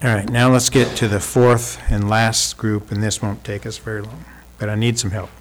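A man's voice: on the low side, level tone, normal speed, a little hiss or hum, rough recording. Man preaching an emphatic sermon. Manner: emphatic, rhetorical questions, asks congregation for help. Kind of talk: sermon with visual aids.

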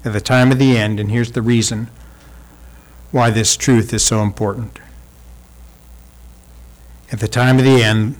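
A male preacher delivers an emphatic sermon in a church hall. His voice sits at an ordinary middle pitch, and he presses the congregation with rhetorical questions as he walks them through his points. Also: steady tone, a little slow, pauses often. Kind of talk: sermon with visual aids.

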